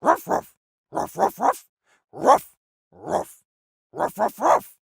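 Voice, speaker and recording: A woman voicing an eager, loyal male pet dog in a game, giving insistent, gravelly barks. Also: mid-range voice, big pitch swings, takes it slowly, no echo, clean studio sound, heavily acted. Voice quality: gravelly barking. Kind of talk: game voice acting.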